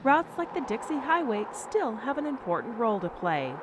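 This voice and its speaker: A woman narrating a television feature in a smooth, measured scripted delivery. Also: on the high side, big pitch swings, very noisy. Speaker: show narrator.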